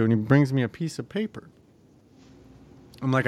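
This thirties-aged man spins a lengthy yarn in relaxed chat at normal speed, his medium-pitched voice broken by long pauses. Animated and foul-mouthed, he acts out what others said.

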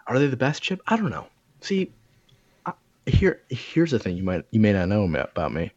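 Male co-host, animated and profane, low voice, dry lo-fi sound. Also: moderate pace, dry recording. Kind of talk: casual chat.

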